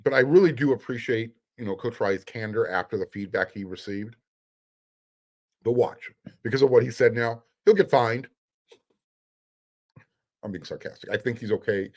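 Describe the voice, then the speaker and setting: A man's voice: medium pitch, normal speed, pauses often. A middle-aged man hosting a sports podcast, talking casually in an emphatic, sarcastic, fired-up way.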